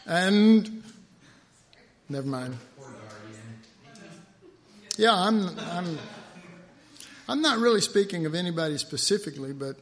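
A man preaching a sermon in a chatty, joking way, telling stories and doing quick voices of people in them. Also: sits high, animated, fairly bright tone. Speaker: pastor.

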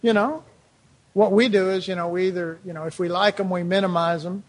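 A man's voice: high voice, steady tone, fairly quick. A man preaching a sermon in a loose, conversational way, with lots of rhetorical questions and "you know"s.

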